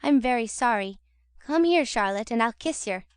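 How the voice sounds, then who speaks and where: A woman's voice: a little high, animated, normal speed, smooth, no room sound, clean studio sound, close to an everyday voice. A woman voicing a drunken, lazy, cowardly young man who whines and blubbers. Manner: whining, blubbering.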